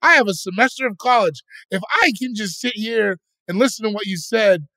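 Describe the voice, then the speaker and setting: High-voiced man joking skeptically. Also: a little fast, sharp tone, no echo, clean studio sound. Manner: skeptical, jokey pushback. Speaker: comedian co-host. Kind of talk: casual podcast chat.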